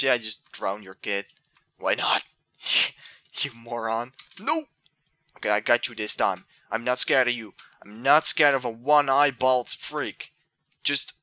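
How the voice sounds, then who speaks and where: A young man giving excitable let's play commentary, yelling and trash-talking the game. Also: medium pitch, dry recording. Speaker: gamer.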